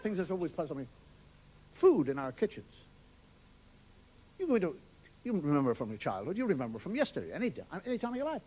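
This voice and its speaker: Wry Irish comedian, lively pitch. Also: male voice, quick pace, long pauses, slightly rough. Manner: wry, musing, conversational, casual swearing. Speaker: stand-up comedian. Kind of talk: stand-up routine. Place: television studio with live audience. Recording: broadcast audio with audience laughter and noise. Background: audience laughter.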